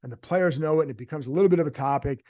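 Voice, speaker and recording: A sports reporter hosting his own podcast thinks aloud in casual solo commentary, posing rhetorical questions and answering them himself. His voice is on the high side and mellow, and he races along.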